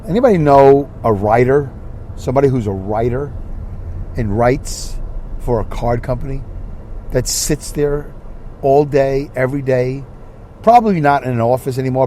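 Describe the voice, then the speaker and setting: A man's voice: mid-range voice, mellow, slight background noise. A middle-aged man hosting a solo podcast, rambling through a monologue with wry, sarcastic asides. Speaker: podcast host.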